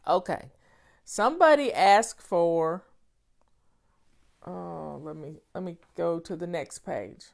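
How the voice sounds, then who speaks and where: A woman's voice: lowish voice, slow, gravelly, long pauses. A woman hosting a casual question-and-answer show on home organizing, talking in an emphatic, folksy way and repeating key phrases.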